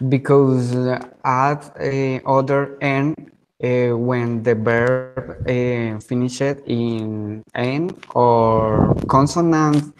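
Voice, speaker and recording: A male student with a Colombian accent, speaking very slowly. He hesitates often and fills gaps with ums while he searches for words. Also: mid-range voice, fairly even intonation, slight background noise, low-quality recording. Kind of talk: classroom answers.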